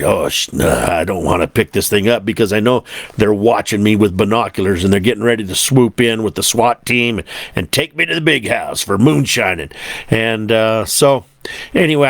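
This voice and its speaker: A man's voice: mid-range voice, dry recording. Laid-back rambling man, dry sound. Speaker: podcast host. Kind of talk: casual storytelling chat.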